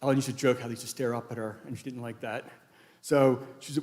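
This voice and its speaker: A man's voice: mid-range voice, little pitch movement, quick pace, a little mellow. A man giving a eulogy for his late wife at a funeral, telling rambling, anecdotal stories with many restarts. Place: large church sanctuary. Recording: echoey church hall.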